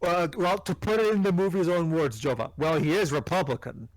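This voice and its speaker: A man's voice: fairly high pitch, fairly quick, dry recording, rough recording. A man making wry, sarcastic remarks during a casual group movie commentary. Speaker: commentary co-host.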